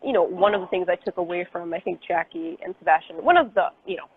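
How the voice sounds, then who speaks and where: A woman's voice: lowish voice, fast talker. A woman guest in a casual chat, talking hesitantly and leaning on many fillers. She comes through a thin, phone-like video call with a faint hiss underneath. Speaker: chocolatier guest.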